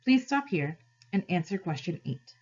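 Husky-voiced woman teacher reading aloud. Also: lowish voice, very animated, moderate pace, a little mellow, highs cut off. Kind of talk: reading a novel aloud to a class.

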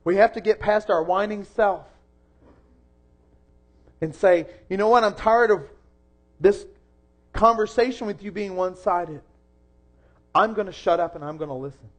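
A young man preaching a sermon in a church, earnest, rising to loud emphasis and dropping soft again. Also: high voice, normal speed, pauses often. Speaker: pastor.

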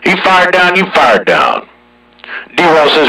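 Cocky drawling guy keying up on a cb radio, bright husky voice, kinda far from the mic. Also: fairly high pitch, huge pitch swings, slow pace. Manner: boastful, drawling, folksy. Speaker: CB radio operator hosting the channel. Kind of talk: casual radio chat.

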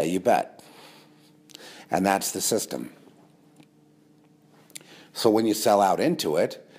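A man's voice: fairly low pitch, darkish tone. A man delivering a rambling monologue to camera, sarcastic, with mocking asides. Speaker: conspiracy video host.

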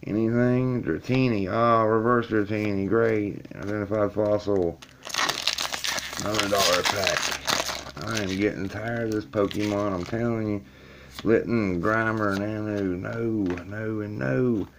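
A man's voice: fairly low pitch, steady tone, a little slow, noisy background. A man filming himself in a laundry room as he opens trading card packs, talking to his viewers in a casual, chatty way and growing frustrated. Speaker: YouTuber opening card packs. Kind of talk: casual video commentary. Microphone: camera on a table.

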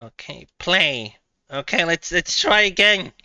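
A woman streaming a game live from her home computer setup, thinking out loud, laughing often and swearing freely. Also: on the low side, animated, measured pace, no echo.

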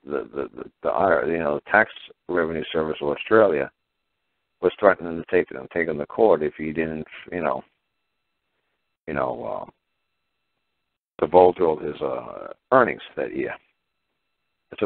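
A man talking casually on a call-in show, piling up rhetorical questions in an animated way. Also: very deep voice, moderate pace, gravelly, long pauses, dry recording. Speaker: guest caller explaining legal ideas. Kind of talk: casual phone-in talk. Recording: tinny phone line, dry.

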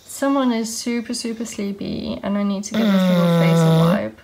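A woman's voice: mid-range voice, moderate pace, vocal fry, mellow, a little hiss or hum, poor audio. A woman vlogging at home in a casual chat, talking to her dog in affectionate baby talk. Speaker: vlog host and dog owner.

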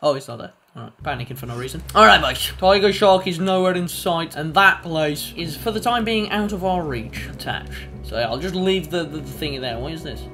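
A young man giving excitable, swear-filled let's play commentary as a YouTuber. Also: a little high, brisk, hardly any pauses, soft background music. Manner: excitable, swears a lot, bursts into yelps. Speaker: gaming YouTuber.

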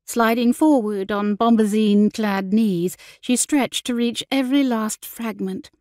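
A woman's voice: on the high side, no room sound. Woman narrating an audiobook, dry. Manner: measured, expressive storytelling.

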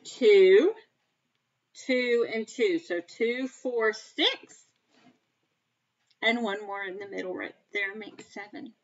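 A woman teaching a kindergarten math lesson on video, talking slowly and encouragingly to young children in a sing-song, playful way. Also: medium pitch, highs cut off. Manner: playful mock surprise, sometimes dropping to a whisper.

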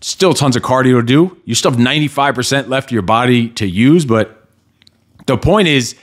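Guy on his podcast, blunt and kinda profane, pumping you up, mid-pitch voice. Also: moderate pace. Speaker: podcast host. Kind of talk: casual solo podcast monologue.

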